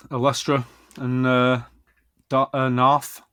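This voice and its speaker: A jokey man playing in a tabletop game who drifts in and out of speaking as his character. His voice is mid-pitched. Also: completely flat delivery, takes it slowly, bright, forceful tone, clear, resonant tone. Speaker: player. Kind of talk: casual tabletop game play.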